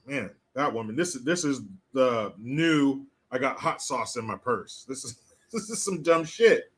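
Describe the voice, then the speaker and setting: A man's voice: mid-range voice, expressive, measured pace, a bit bright, slightly rough. A man hosting a live stream, ranting with sarcastic, profane, mocking commentary. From California.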